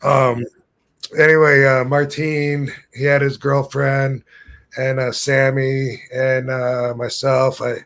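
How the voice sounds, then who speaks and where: A man's voice: medium pitch, slow. A man in his fifties hosting a podcast, telling long rambling anecdotes in casual chat. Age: 50s. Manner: rambling, animated anecdotes with put-on voices. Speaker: podcast host. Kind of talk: casual storytelling.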